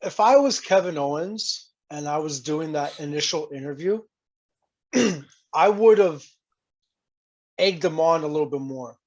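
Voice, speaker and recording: A man's voice: fairly high pitch, measured pace, long pauses, lo-fi sound. A man in a casual wrestling review chat, offering what he would have done. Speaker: podcast co-host.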